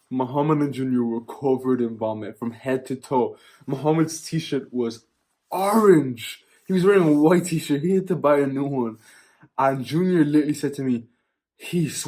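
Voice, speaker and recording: A young man vlogging, telling a story in casual, animated speech, often laughing and tacking on "yeah?" and "right?". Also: mid-range voice.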